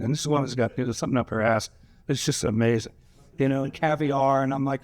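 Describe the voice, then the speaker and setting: Rambling through profane, laugh-filled stories, an older guest actor holds forth at a screening Q&A on a cinema stage in front of a live audience. He speaks at a medium pitch and a little fast, captured in a dry recording.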